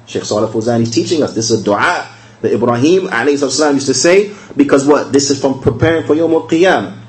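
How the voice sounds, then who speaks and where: A man's voice: mid-range voice, lively intonation, poor audio. Man teaching a conversational religious lesson. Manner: conversational, repeats key phrases, asks rhetorical questions; slows down to spell out recited verses.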